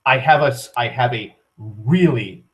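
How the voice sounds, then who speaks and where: In a mid-range, slightly bright voice, a young man vlogs at a measured pace. His rant is casual and meandering, full of profanity, heavy on "like," with frequent restarts.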